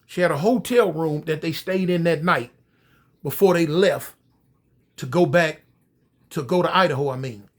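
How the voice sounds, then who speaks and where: A man's voice: a little high, normal speed, pauses often. A man telling a story in a loose, casual way. He talks straight to his listeners and often checks in with them as he goes. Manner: conversational, addresses listeners directly.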